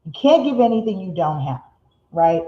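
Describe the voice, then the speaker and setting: A middle-aged woman hosting a live motivational show, seated, speeding up when excited and slowing to make a point, reading viewer comments aloud. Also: medium pitch. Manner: reads viewer comments aloud, laughs often. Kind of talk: live-streamed motivational talk. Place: seated indoors in a room. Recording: roomy, slightly dull live-stream audio.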